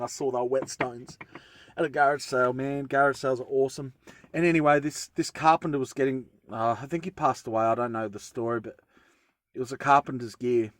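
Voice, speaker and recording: A man chatting casually through a tool-sharpening tutorial, rambling and often interrupting himself. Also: medium pitch. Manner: rambling, self-interrupting, easygoing. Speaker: bushcraft vlogger.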